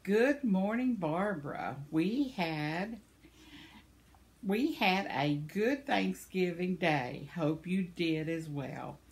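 Slow-talking older woman chatting with viewers. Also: fairly low pitch, animated, a little mellow. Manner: chatty and tender, laughs often, stumbles over names. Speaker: channel host. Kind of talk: casual chat reading viewer comments.

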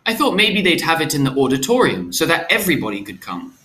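A man voicing an earnest, curious young boy who speaks in a hushed, eager way. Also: on the high side, very animated, quick pace, pitched above the performer's own voice.

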